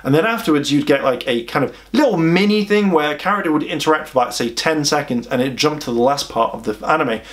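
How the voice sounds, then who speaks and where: A man's voice: fairly high pitch, fast, hardly any pauses. A man giving a casual, chatty video review of an anime, rambling and exasperated with many restarts.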